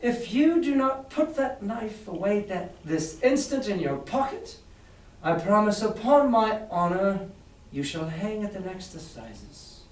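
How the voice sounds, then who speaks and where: A man reading aloud plays a steady, precise country doctor. The voice sits higher than his own and moves slowly and deliberately, cold and polite. It sounds roomy and distant from the mic. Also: heavily acted. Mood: cold stern. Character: stern composed gentleman doctor, calm, precise. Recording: roomy classroom, far from mic.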